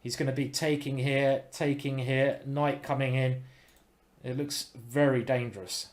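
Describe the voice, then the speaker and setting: A man giving casual live-stream chess commentary, thinking aloud with restarts and breaking into excited exclamations. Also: medium pitch, measured pace. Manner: bursts into excited exclamations at good moves.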